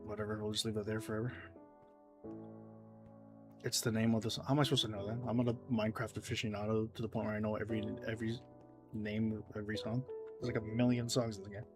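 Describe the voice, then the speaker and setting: A man's voice: lowish voice, flat delivery, fast talker, long pauses. A man giving casual, rambling gameplay commentary as a streamer, self-deprecating and reading chat, over faint game music. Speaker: gaming streamer.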